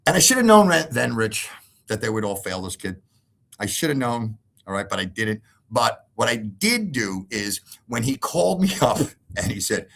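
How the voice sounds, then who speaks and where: A man's voice: on the low side, normal speed, gravelly. A man in an interview, telling a heated story emphatically and acting out other people's words with lots of repetition. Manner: animated, acts out quoted voices, emphatic repetition. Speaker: interview guest.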